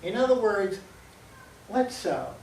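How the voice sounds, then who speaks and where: A man teaching calculus in a lively, playful way, acting out little scenes and correcting himself as he works. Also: sits high, takes it slowly, gravelly. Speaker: math teacher. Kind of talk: calculus lecture at a board. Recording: roomy, distant mic, faint hum.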